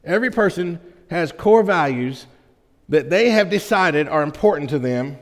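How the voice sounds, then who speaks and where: Folksy pastor in a reverberant sanctuary. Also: male voice, fairly high pitch, expressive, normal speed. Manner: folksy, with frequent "right?" check-ins to the congregation. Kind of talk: conversational sermon to a congregation. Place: church sanctuary.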